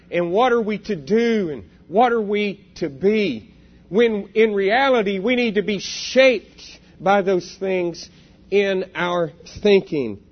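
An earnest preacher with a high-set voice, working through his points reflectively and putting rhetorical questions to the congregation. The man's sermon comes through on a dull, lo-fi recording. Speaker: church elder preaching.

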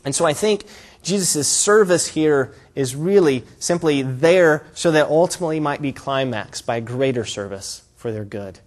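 Earnest high-voiced male preacher. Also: lively intonation, normal speed. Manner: earnest, explanatory preaching with emphatic rises. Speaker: pastor. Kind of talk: sermon.

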